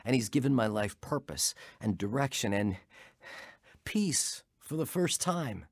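An earnest young convert. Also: male voice, mid-range voice, big pitch swings, measured pace, no echo, studio quality. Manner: earnest, emotional. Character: young man newly converted, earnest and joyful. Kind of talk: radio drama acting.

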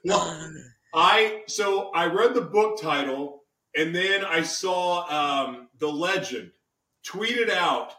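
A man's voice: on the high side, animated, slow pace, sharp tone. A man hosting an interview, effusive and rambling with frequent restarts. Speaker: interview host. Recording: echoey room, distant mic.

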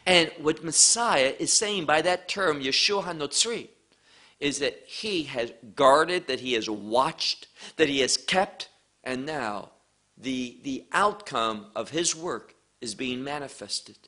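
A man preaching a sermon, teaching from scripture with slow, emphatic phrasing. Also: on the high side, expressive, sharp tone.

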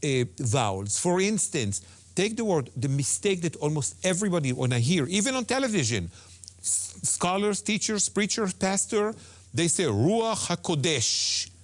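A man's voice: high voice, very animated, moderate pace. Emphatic man explaining words. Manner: emphatic, repeats key words, non-native phrasing. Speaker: Hebrew teacher guest. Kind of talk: animated religious TV discussion.

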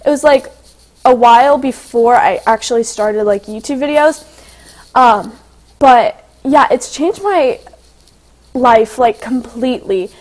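Chatty high-voiced teenage girl. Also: a little slow. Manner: chatty, filler-heavy, excitable storytelling. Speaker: guest, young singer and actress. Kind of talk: casual interview chat.

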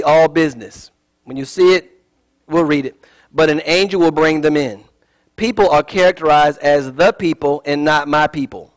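A man's voice: a little high, poor audio. A man giving a casual sermon as a Bible teacher, chatty and digressive, with joking asides.

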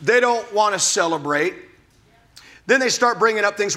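A man's voice: animated, moderate pace, a bit bright. A man preaching a sermon at a church service, emphatic and fiery, repeating words as he gets worked up. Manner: fiery, emphatic preaching with sudden high bursts. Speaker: pastor.

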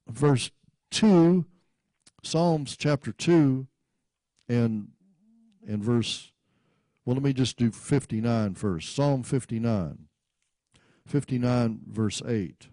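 This preacher's voice is medium in pitch and darkish, animated yet slow, with long pauses and no room sound. He laughs often during the sermon and asks the congregation to echo his words. Reading verses, he trips up, repeating and restarting words.

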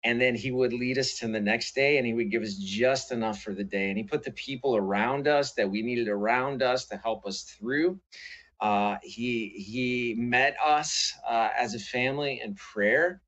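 A man's voice: mid-range voice, normal speed, fairly bright tone, lo-fi sound. A middle-aged man, a pastor and author, telling a personal faith story as an interview guest in an earnest, reflective way with frequent fillers and restarts.

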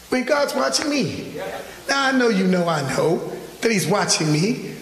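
A man preaching a sermon, telling a personal story in an animated way and acting out his own phone calls. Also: very high-pitched. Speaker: pastor. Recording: echoey church hall from far off.

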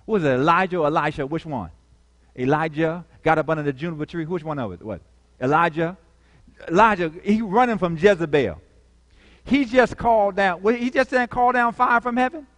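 A man preaching a lively sermon, calling out to the congregation with dramatic swings in volume. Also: fairly high pitch, a little fast, long reverb tail. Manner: animated, call-and-response, dramatic shifts in volume.

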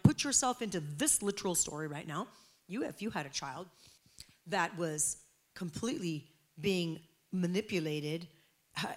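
A woman preaching a sermon with passion, moving from hushed, quiet asides to loud, emphatic exhortation. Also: medium pitch.

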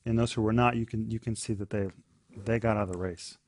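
A man's voice: lowish voice, fairly even intonation, fairly quick, darkish tone. A man in a casual discussion, earnest and repeating words as he thinks. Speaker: discussion participant.

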